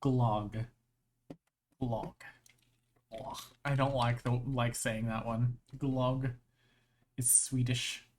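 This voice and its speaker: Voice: medium pitch, level tone, slight background noise. A live streamer chatting casually, rambling playfully with frequent restarts and laughter. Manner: halting, with many restarts.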